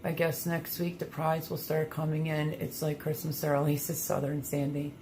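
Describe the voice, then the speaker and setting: Low-voiced woman chatting on a garden livestream, reads chat out loud, lots of ums. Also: monotone, moderate pace, a little hiss or hum. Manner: chatty, reads viewer comments aloud, many fillers. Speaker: livestream host reading chat.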